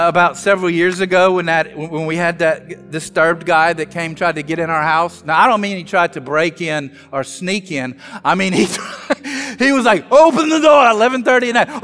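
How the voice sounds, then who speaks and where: A man from South Louisiana preaching a sermon, telling self-mocking stories with animated humor. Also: fairly high pitch, normal speed, in a large hall, faint music behind. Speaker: pastor.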